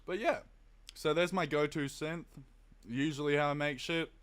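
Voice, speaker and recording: A young Australian man, a bit tired, casually explaining synth sounds on a live stream, chatty and quick to laugh. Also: on the high side, clean tone, dry recording. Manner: relaxed, chatty, reads chat aloud, laughs often. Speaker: music producer streaming.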